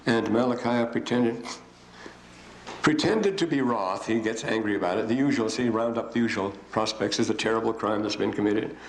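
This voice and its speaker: Old guy rambling thru a lecture, gravelly voice, echoey room w faint hiss. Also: on the low side. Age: older. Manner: rambling and digressive, with frequent pauses. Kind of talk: classroom lecture.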